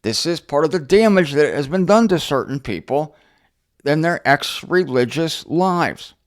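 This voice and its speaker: A middle-aged man teaching the Bible in an unscripted monologue, sarcastic and animated as he answers objectors directly. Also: fairly high pitch, a little slow. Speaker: Bible teacher and show host.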